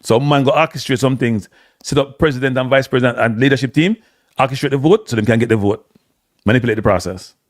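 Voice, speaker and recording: A man with a Jamaican accent delivers opinionated solo football commentary in a mid-range voice at a quick pace. He's emphatic, repeating phrases for stress and slipping into patois. The recording is studio quality with no echo.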